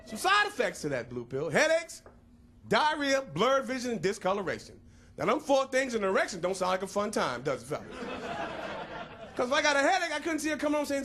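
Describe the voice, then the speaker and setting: A man's voice: extremely high pitch, sing-song, fairly quick, a bit bright. A man doing a stand-up comedy set on a club stage, playful and punchy, drawing out his punchlines. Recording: live club crowd and noise.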